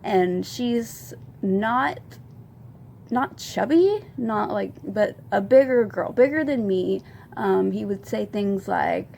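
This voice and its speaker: A woman in her twenties telling a confessional story as a vlogger, rambling with many ums and soft laughs. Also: mid-range voice, animated, takes it slowly, a little hiss or hum. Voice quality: gravelly vocal fry. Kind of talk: storytime vlog.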